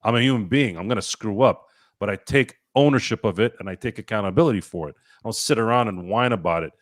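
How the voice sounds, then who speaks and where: A man's voice: on the low side, fast, dry recording, studio quality. A man co-hosting a casual sports podcast, ranting bluntly and opinionatedly, with casual swearing. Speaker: podcast co-host.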